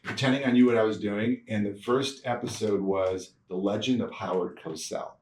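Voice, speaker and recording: A man telling stories from his career in a casual interview, animated, laughing often and acting out the people he quotes. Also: lowish voice, normal speed. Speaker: guest, TV producer. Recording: echoey room, mic at a distance, faint noise.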